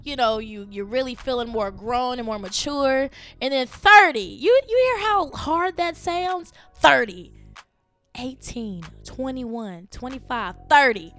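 A woman in her thirties hosting her own podcast from home, chatting casually and animatedly, laughing and jumping up high when she quotes her own thoughts. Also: very animated, measured pace, hardly any pauses, soft background music. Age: 30s. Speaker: podcast host. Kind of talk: casual solo podcast chat.

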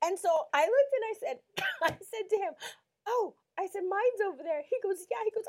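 A woman's voice: extremely high pitch, a little fast. A woman on a Christian talk show telling a story with lots of acted-out quotes and frequent laughter. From Mexico. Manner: animated storyteller, acts out quotes, laughs often.

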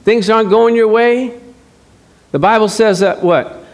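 A man with a high voice preaches a sermon in a relaxed, conversational way. He draws words out slowly when he stresses scripture and slips into brief back-and-forth dialogues to make a point. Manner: animated, acts out short dialogues. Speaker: pastor.

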